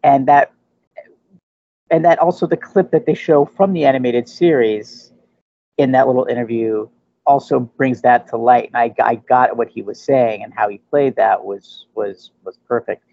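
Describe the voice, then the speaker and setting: Brief: husky, gravelly male co-host, stop-start casual film chat, dull dry recording. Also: mid-range voice, fairly even intonation, no echo. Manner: halting, repeats words. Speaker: podcast co-host.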